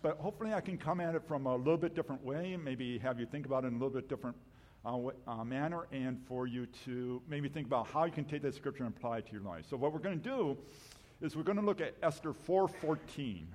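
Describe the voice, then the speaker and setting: A man's voice: medium pitch, darkish tone. A man preaching as a guest speaker in a church, joking about himself and stopping to restart his sentences. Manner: self-deprecating, joking, halting restarts. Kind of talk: sermon. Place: church sanctuary. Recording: long hall reverb.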